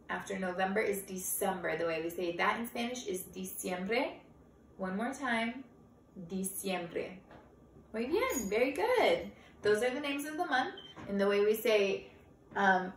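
Slow, encouraging woman teaching young kids. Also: mid-range voice, far from the mic, a little hiss or hum. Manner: slow, encouraging, repeats words for kids to echo. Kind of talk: children's calendar lesson. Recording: roomy sound from off-mic.

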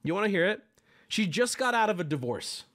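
A man's voice: high voice, sing-song, fairly quick, a bit bright. A man streaming live, telling stories in casual chat, teasing his viewers and swearing freely as he talks.

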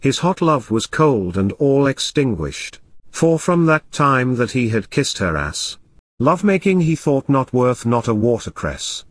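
A man narrates a classic tale in a measured storytelling manner. His pitch moves lively up and down. The recording is dry and close, with no room echo. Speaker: audiobook narrator.

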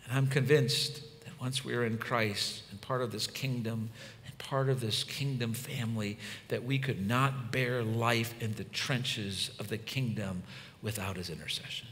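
Pastor guy in his 50s preaching, bright ringing voice, big hall echo, goes loud then real quiet. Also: mid-range voice, fairly even intonation, measured pace, slight background noise. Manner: conversational, swings from loud emphatic to hushed and soft. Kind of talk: sermon. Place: church hall. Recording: long hall reverb.

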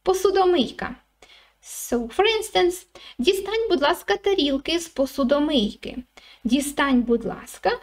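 Slow high-voiced woman teaching vocabulary. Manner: repeats each word slowly, with many "uh"s. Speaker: language teacher. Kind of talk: vocabulary lesson.

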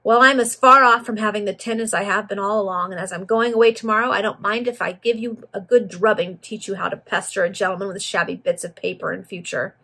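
A woman's voice: a little high, moderate pace. A woman doing a ferocious bullying man in slang. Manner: loud threatening slang. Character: irate middle-aged man, ferocious and bullying.

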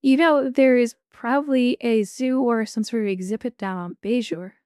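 Female player in character, warm, firm measured delivery. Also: a little high, clean tone, dry recording, clean studio sound. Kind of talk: in-character tabletop play.

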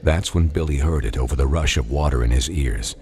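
Very deep-voiced man narrating a dark tale. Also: slight background noise. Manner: dark, measured storytelling. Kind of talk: dramatic audiobook narration. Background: music.

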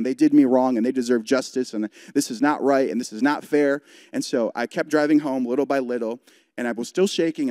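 A young male youth pastor tells a personal story in a sermon, his voice mellow and warm. He talks in an earnest, conversational way, dropping in "like" often. The sound is close and dry. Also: medium pitch, no echo. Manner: earnest, conversational, frequent "like" fillers. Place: church service broadcast.

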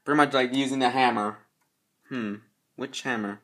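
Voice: mid-range voice, steady tone, moderate pace, fairly bright tone, natural voice. A hobby performer voicing a male building repairman in an amateur toy role-play, rambling and full of fillers. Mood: puzzled.

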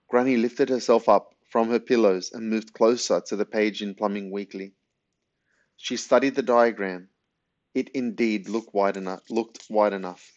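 Low-voiced man reading a storybook. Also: fairly even intonation, normal speed. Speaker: narrator. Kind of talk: audiobook reading of a children's novel. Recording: dull lo-fi recording.

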